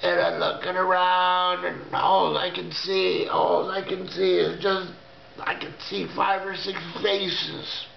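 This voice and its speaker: A man telling a dramatic first-person story in a slow, halting, fearful way, using folksy grammar. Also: high-pitched, level tone, gravelly, a little hiss or hum. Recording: echoey room, dull lo-fi sound.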